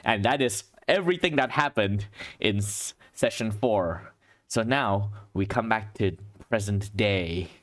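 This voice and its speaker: A man running a tabletop game as game master, narrating scenes in descriptive storytelling with pauses and restarts. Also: lowish voice.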